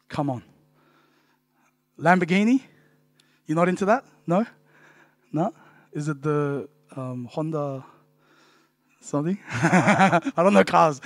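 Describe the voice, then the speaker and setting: A man's voice: high-pitched, lively intonation, unhurried, long pauses, dry recording, clean studio sound. A man, preaching a casual, joking sermon full of "right?" tags. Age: 30s. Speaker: pastor.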